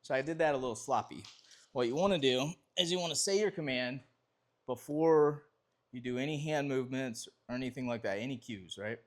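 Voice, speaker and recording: A man with a light drawl talks through dog obedience training in a loose, easygoing way. He rambles a little, trips over his own sentences and picks them back up as he demonstrates. His voice sits at an ordinary, middle pitch for a man. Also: a little fast. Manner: relaxed, rambling explanations with restarts and fillers.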